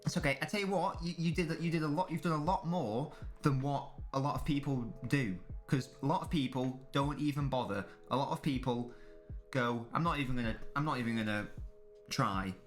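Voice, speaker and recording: A man's voice: mid-range voice, normal speed, soft background music. A young man streaming a live football watchalong, chatting casually with his viewers and swearing freely. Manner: casual banter with chat, swearing. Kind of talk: live match watchalong commentary.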